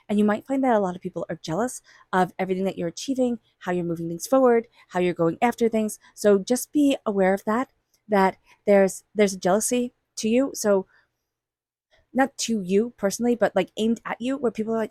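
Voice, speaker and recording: Tarot reader, a woman, mid-pitched voice and a chatty delivery, dry close recording. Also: fairly quick, mellow, no room sound. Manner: chatty, acts out quoted thoughts. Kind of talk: weekly tarot reading.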